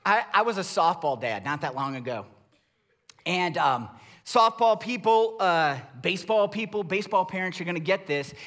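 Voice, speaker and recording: High, bright-voiced animated male preacher. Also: moderate pace. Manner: animated, conversational preaching with emphatic raised bursts. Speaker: pastor. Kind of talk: sermon.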